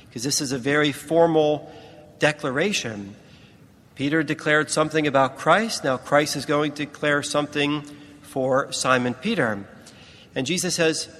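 A man preaching a sermon in a large church, teaching in a slow, deliberate way with emphatic pauses. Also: on the high side, a bit bright, long reverb tail.

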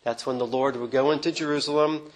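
A man preaching a sermon on a gospel passage, earnest and unhurried, with small restarts as he explains the text. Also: mid-range voice, steady tone, poor audio.

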